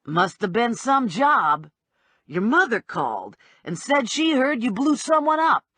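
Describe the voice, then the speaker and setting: A pushy, streetwise middle-aged bookie, played by a woman narrator. He talks bluntly and nosily with a slightly breathy, unhurried delivery. His pitch swings widely from line to line. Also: sing-song, a bit bright, no room sound, full character voice. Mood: nosy.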